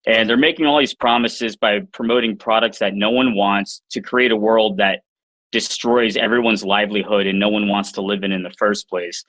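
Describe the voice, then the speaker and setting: A man's voice: on the low side, steady tone, moderate pace, a bit bright, rough recording. A man co-hosting a casual podcast chat, talking bluntly and swearing freely. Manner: blunt and profane. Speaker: podcast co-host.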